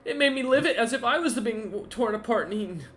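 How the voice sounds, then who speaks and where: Man doing a spider monster, frantic, shrill and loud, voice sits high and crisp, words tumble out fast. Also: very animated, reverberant, heavily acted. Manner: high, loud, rushed outbursts. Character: panicked talking spider creature, frantic and shrill.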